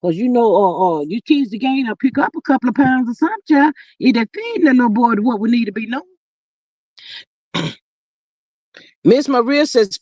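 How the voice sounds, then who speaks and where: A woman hosting a livestream, reading viewer comments aloud in animated, gossipy chat and calling out to y'all. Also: mid-range voice, normal speed, pauses often, no echo, highs cut off. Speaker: livestream host.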